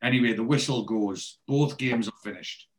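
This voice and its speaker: A man of middle pitch recapping a TV episode in casual chat. He rambles along, swears freely and slips into the characters' lines as he goes. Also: normal speed. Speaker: podcast host recapping a TV show.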